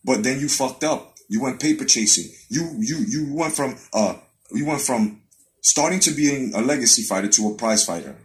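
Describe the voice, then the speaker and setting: A man hosting a live boxing stream in a heated, swear-laden rant. His pitch sits in the middle range for a man, and he circles back over and over to drive each point home. He sounds like he is talking straight into a webcam mic. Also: lively intonation, moderate pace, rough recording. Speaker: boxing commentary host.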